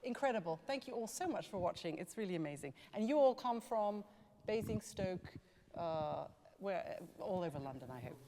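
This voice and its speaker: A woman teaching a live horn masterclass, chatty and enthusiastic, and she laughs easily. Her voice sits at a middling pitch. It rings with the long reverb of a large hall. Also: lively intonation, normal speed, warm tone. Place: large music college hall. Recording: echoey hall.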